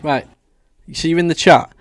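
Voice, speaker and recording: A man's voice: fairly high pitch, normal speed, a little hiss or hum. A young British man doing casual, combative reaction commentary as a streamer, swearing a lot. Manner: brash, combative, heavy swearing.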